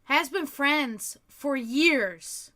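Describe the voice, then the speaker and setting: A woman's voice: high-pitched, sharp tone. A European woman hosting a livestream, ranting heatedly with lots of swearing in casual talk. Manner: profane, heated, fast ranting. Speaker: livestream host.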